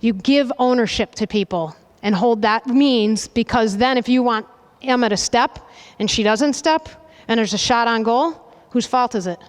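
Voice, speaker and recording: A woman soccer coach leading a goalkeeping demonstration with players, brisk and directive, checking in with a constant "okay?" and loudly calling out commands. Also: a little high. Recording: reverberant hall, voice from a distance.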